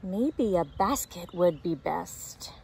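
A woman voicing an eager little boy chick in a storybook read-aloud, with a high peeping voice and a cheerful manner. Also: lively intonation, slow pace, vocal fry, a little mellow, slight background noise, full character voice.

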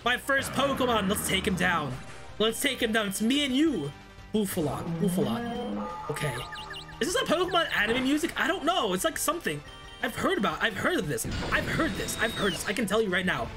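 A man commentating a Let's Play of a fan-made game, excitable and animated, reading the game's dialogue aloud. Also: very high-pitched, a little fast. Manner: excitable, animated, reads game text in put-on voices. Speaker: gaming YouTuber. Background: faint game music.

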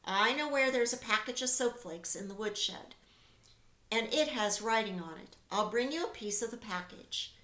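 A high, grumbling barn rat, done by a woman reading a children's book, his voice jumping up sharply and lively as he complains. He is sarcastic and put-upon, never happy to fetch anything. The sound carries a roomy echo. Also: normal speed.

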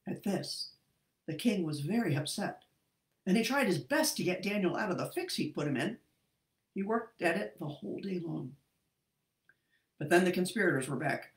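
A woman's voice: lowish voice, lively intonation, moderate pace, fairly bright tone, roomy sound, rough recording. A woman teaching an online Bible lesson, reading scripture expressively and adding jokey asides, heard over an online call.

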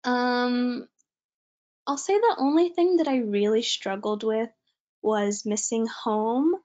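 A young American woman from California speaks in a loose, conversational way, presenting to an online audience as a student. Her voice sits a little high for a woman. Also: slow, darkish tone, lo-fi sound. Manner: chatty and informal.

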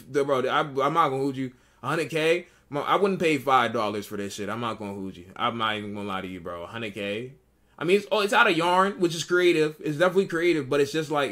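A man's voice: mid-range voice, fairly bright tone. Profane, repetitive young male streamer. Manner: profane, repetitive, talks to chat. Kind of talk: casual live-stream commentary.

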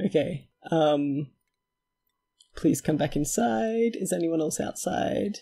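A man giving chatty gameplay commentary, talking to himself and his characters and quickly getting excited. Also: a little high, vocal fry, husky. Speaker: let's play host.

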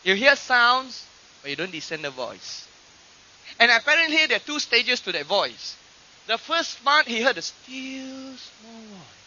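A man preaching a sermon in a high, very bright, cutting voice. He swings between loud, stretched-out lines and hushed asides, with fillers and restarts as he addresses the congregation. The sound is dull and lo-fi, like an old archive recording. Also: sing-song, moderate pace.

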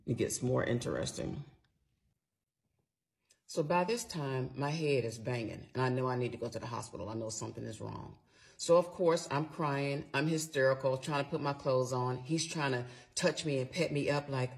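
Her pitch is extremely low. She's a middle-aged vlogger in casual storytime mode, sharing something personal with raw emotion and bluntness, cursing freely as she speaks directly to the people watching.

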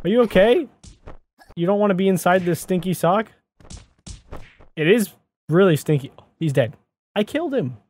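A man hosting a gaming video, giving excitable let's play commentary and talking to the game character as he plays. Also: sits high, moderate pace, pauses often. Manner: excitable, talks to the game character, often exclaims. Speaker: gaming channel host.

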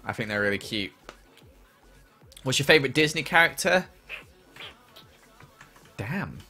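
A man's voice: mid-range voice, animated, fairly quick, pushed and bright, faint music behind. A young man chatting casually on a gaming livestream and answering viewer questions as he plays.

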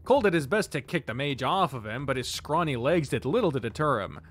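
A man's voice: mid-range voice, lively intonation, brisk. A man reading a fantasy visual novel aloud, dropping in casual, profane asides.

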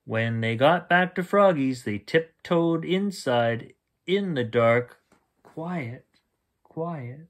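A man reading a bedtime picture book aloud at an unhurried pace. His voice swings widely, and he plays out every sound effect. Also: mid-range voice. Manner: slow and expressive, with sound effects. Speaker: storyteller. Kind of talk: bedtime story read-aloud.

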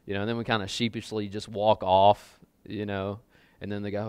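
With a fairly low, slightly mellow, clean-toned voice that barely moves in pitch, a man preaches fairly quickly as pastor to a congregation in a church sanctuary. His style is loose and conversational, packed with casual fillers and repeats, and there's no room sound.

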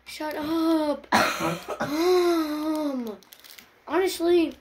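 A woman's voice: sits high, drawn-out words, heavy background noise. A woman hosting her own channel, chatting casually while laughing and crying at once, tearful and sniffly. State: tearful, runny nose. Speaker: channel host. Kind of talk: casual chat.

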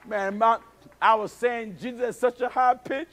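A man preaching a sermon as pastor, animated and storytelling. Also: normal speed, some chatter behind, slight background noise. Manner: animated preaching, acts out childhood prayers in high cries.

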